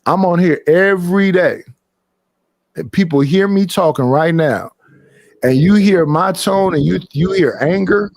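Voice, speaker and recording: This podcast host is a man with a high, darkish voice who talks a little slowly in a dry recording. In casual chat, he tells stories animatedly, raises his voice to play other people, and curses without holding back.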